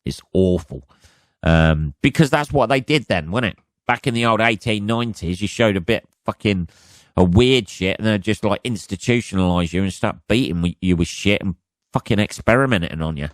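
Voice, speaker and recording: A man hosting his own podcast alone, rambling through jokey asides and swearing constantly, with a hoarse voice. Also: lowish voice, normal speed, no echo. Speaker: podcast host. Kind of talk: casual solo podcast monologue.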